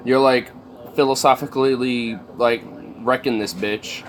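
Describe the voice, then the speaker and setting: A man's voice: medium pitch, slow pace, slight background noise. A man chatting casually on a livestream, rambling and swearing, with lots of fillers. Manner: rambling, profane, many fillers.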